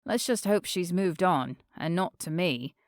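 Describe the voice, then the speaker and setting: A woman's voice: fairly low pitch, lively intonation, a little slow, dry recording, studio quality. A woman doing a gossipy male friend. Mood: confiding.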